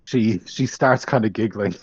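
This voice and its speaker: A man narrating a tabletop game as game master, slow and halting as he searches for words, over an online call. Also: on the low side, breathy edge, no room sound, dull audio.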